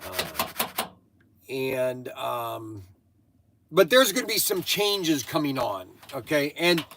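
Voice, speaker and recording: A man's voice: medium pitch, very animated, slow, a bit bright, a little hiss or hum. An older man hosting a casual chat, rambling and going off on tangents, sounding tired. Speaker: host.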